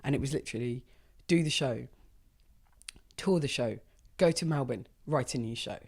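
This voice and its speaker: A woman in her thirties, a stand-up comedian, talking casually and at length, animated and swearing freely. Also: very deep voice, normal speed, slightly rough. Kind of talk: casual conversation.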